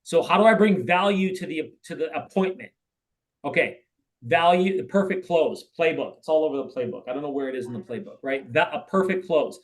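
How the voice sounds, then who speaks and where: A man coaching a real estate agent in a role play, talking briskly and often checking in with "right?". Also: a little high, poor audio. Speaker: sales coach.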